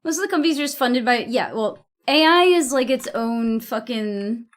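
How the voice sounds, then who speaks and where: A woman's voice: a little high, expressive, normal speed. A young woman from the US East Coast chatting casually to her stream viewers, blunt and profane, rambling and restarting her sentences. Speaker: livestreamer.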